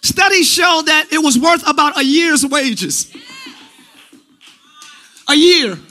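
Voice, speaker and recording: Middle-aged male pastor, very high sharp voice, shouted animated sermon delivery in a church. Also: slow, faint music behind. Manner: preaching with shouted, animated emphasis. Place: church sanctuary.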